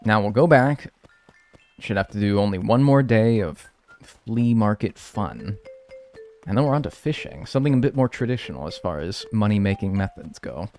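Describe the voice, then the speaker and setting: A man from North America giving casual live commentary while playing a game, rambling and joking, with sudden loud yelps. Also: on the low side, animated, moderate pace, faint music behind. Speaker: streamer playing a life-sim game.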